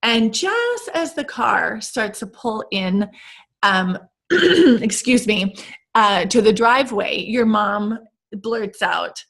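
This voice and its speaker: A woman in her thirties or forties hosting a podcast, telling a story to her listeners in a lively, casual way and laughing often. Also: mid-range voice, takes it slowly, creaky. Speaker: podcast host and coach for expats.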